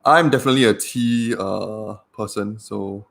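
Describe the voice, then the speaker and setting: A man's voice: lowish voice, measured pace, gravelly, a bit bright. A man, a doctor chatting casually on a livestream with lots of fillers. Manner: chatty and rambling, with many fillers.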